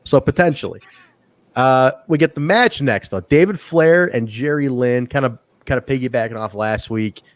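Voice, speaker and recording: Recorded at studio quality with no room sound, a man's mid-range voice moves at a moderate pace. As a podcast host, he chats enthusiastically while casually reviewing old wrestling shows, restarting a lot.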